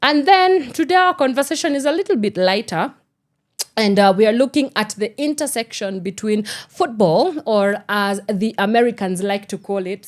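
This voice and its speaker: A woman's voice: mid-range voice, moderate pace. A woman with a Kenyan accent hosting a morning radio show, chatting casually and slipping in Swahili phrases. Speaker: radio host. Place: radio studio.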